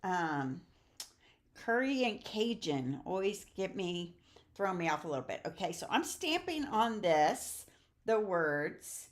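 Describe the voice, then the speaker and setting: A woman's voice: lowish voice, sing-song, takes it slowly. A woman chatting through a live card-making demonstration, often checking in with "okay?" and filler "um"s. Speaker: stamping demonstrator. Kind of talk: live crafting demo.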